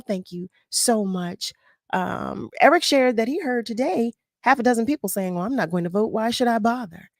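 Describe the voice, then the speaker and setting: A woman hosting a live call-in radio talk show, excited, exclaiming and repeating herself as she reads out listener messages. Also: on the high side, dry recording, clean studio sound.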